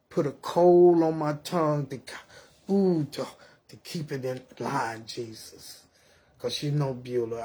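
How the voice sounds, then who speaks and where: A man's voice: mid-range voice, a little mellow, a little hiss or hum, lightly acted. A man voicing an older grandmother who prays and preaches her mind, scolding and ranting in a sermon-like way. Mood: prayerful. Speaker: storyteller.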